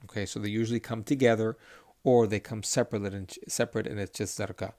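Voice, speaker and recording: A man teaching a lesson, patiently encouraging his students as he alternates slow chanted readings with quick explanations. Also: on the low side, steady tone, darkish tone, dry recording, studio quality. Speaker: Hebrew cantillation teacher.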